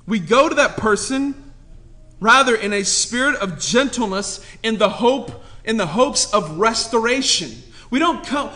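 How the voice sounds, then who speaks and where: A man's voice: extremely high pitch, pushed and bright. A young man preaching a sermon in a passionate, conversational way, joking with the room and repeating points for emphasis. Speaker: pastor.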